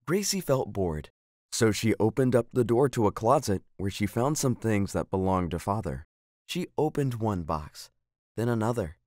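A man calmly reading a children's storybook aloud. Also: mid-range voice, no room sound, studio quality.

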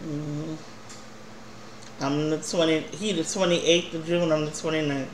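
A woman's voice: low voice, flat delivery, unhurried, echoey room, slight background noise. A woman co-hosting a casual mukbang chat at home, telling loose, profane stories. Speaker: vlog co-host. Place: at home at a meal table.

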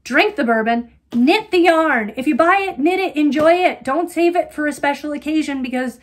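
Middle-aged woman rambling on her knitting podcast, lots of ums, kinda high voice. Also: moderate pace. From Colorado, USA. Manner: chatty, rambling, lots of ums, wry asides. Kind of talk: casual chat.

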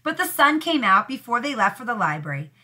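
A woman teacher reading a storybook aloud to young pupils with expressive storytelling. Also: on the high side, a little fast.

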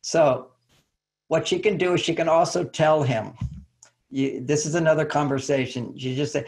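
An older man, a relationship author, giving casual advice in an interview and acting out short exchanges between partners. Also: normal speed. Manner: animated, acts out little dialogues in higher voices, chuckles often.

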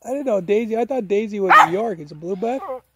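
A man's voice: sits high, lively intonation, brisk, very noisy. A man raising a pig, chatting casually and coaxing the animals in an outdoor farm pen. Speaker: pig raiser. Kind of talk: casual chat while handling animals.

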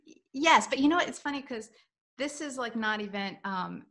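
A woman's voice: a little high, lively intonation, moderate pace, fairly bright tone, slight background noise. A woman hosting an interview, telling a story in a chatty, friendly way over a video call. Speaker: interview host. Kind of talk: casual interview chat.

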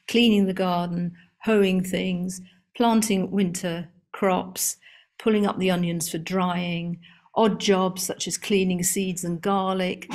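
A woman's voice: medium pitch, darkish tone. A woman garden historian giving a seminar talk to a room and online audience, chatty and amused, reading out lists with frequent ums and restarts.

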